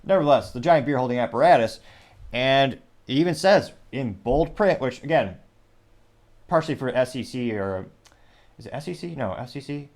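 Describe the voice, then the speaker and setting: A man's voice: medium pitch, expressive, moderate pace, a little mellow. A man hosting a casual commentary show, reading social media comments aloud with wry, rambling asides and frequent self-corrections. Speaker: host.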